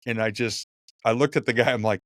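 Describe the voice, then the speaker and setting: A man, a keynote speaker, telling lively stories in a podcast conversation and acting out the quotes. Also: medium pitch, a little fast, dry recording, clean studio sound. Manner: animated, acts out quotes and jokes.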